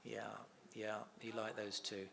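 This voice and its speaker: A man's voice: on the low side, completely flat delivery, unhurried, creaky, a bit bright, a little hiss or hum. A middle-aged man chatting casually in an interview, telling family anecdotes and laughing easily. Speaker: interview guest, son of a comedian.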